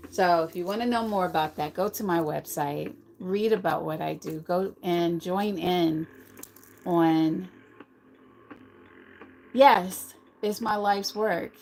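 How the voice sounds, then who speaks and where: A woman's voice: lowish voice, slow, gravelly, pauses often, a little mellow, a little hiss or hum, low-quality recording. A middle-aged woman hosting a casual live stream, talking earnestly and rambling straight to her viewers.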